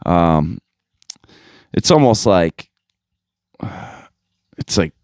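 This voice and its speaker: A man's voice: deep voice, sing-song, very slow, a little mellow, no echo, studio quality. A man hosting a podcast in casual chat, laid-back and profane, heavy on slang, into a podcast microphone. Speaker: podcast host.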